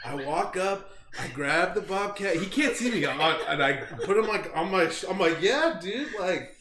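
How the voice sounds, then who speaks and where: A young man hosting a casual podcast, telling a wild story with lots of swearing and loud acted-out yelps. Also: high voice, normal speed, roomy sound, a crowd in the background. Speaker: podcast host.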